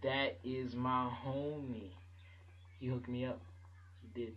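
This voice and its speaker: A man telling a funny story in his vlog, talking in an animated, slangy way and jumping into voices. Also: mid-range voice, takes it slowly, muffled recording. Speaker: vlogger.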